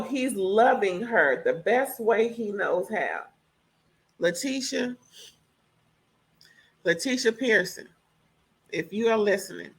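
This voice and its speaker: A woman reviewing a reality TV reunion in casual chat, animated and opinionated, swearing freely. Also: mid-range voice, husky.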